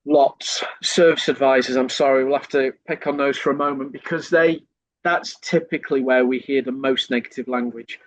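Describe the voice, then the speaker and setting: A man's voice: mid-range voice, steady tone, moderate pace, no room sound, low-quality recording. A man, a sales trainer, explaining in a podcast conversation and acting out lines a customer might hear.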